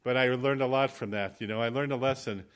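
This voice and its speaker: A man preaching a sermon, telling a lively story and then closing in prayer. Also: mid-range voice, fairly quick, clear, resonant tone. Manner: animated, acts out quoted voices; ends in spoken prayer. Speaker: visiting preacher.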